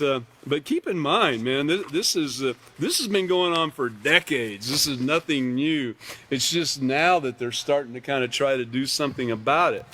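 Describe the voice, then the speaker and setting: A man teaching a live online class from slides, talking casually with joking asides and often clearing his throat. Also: mid-range voice, a bit bright, slight background noise. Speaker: class instructor.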